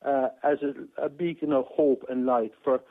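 A man's voice: medium pitch, steady tone, normal speed, no room sound. Aggrieved man on a tinny phone line. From Ireland. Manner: aggrieved, rambling with many restarts and repetitions. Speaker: caller. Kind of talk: phone-in radio talk.

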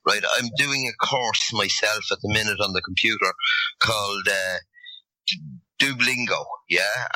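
An Irish man talking in a loose, rambling way, full of ums and restarts. His voice is very bright and forward, and it is recorded close and dry with no room sound. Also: on the low side, no echo, poor audio. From Ireland. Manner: rambling storyteller with many fillers. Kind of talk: casual chat.

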